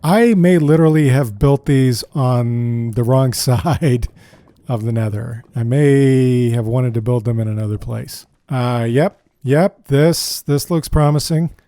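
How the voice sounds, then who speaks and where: Gameplay commentator: man, mellow tone, chatty, thinks out loud, casual delivery. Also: mid-range voice, measured pace, no echo. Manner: chatty, thinks aloud, often says "dude". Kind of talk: casual let's-play commentary.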